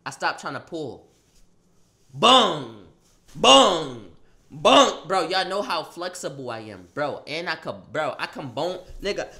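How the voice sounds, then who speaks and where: Excitable young man acting out a story. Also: high-pitched. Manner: excitable, acts out the fight with loud sound effects; profane slang, rambling restarts. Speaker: storyteller vlogger. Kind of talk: animated storytelling.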